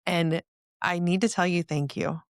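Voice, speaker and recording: A woman who works as an energy healer, telling a story in a lively, vivid way during a casual podcast conversation. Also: lowish voice, unhurried, dry recording, studio quality.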